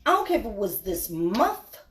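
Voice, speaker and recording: A woman's voice: mid-range voice, very animated, normal speed, slight background noise. A woman, hosting a casual live cooking stream in her home kitchen, chatting with viewers and trailing off with fillers. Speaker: cooking show host.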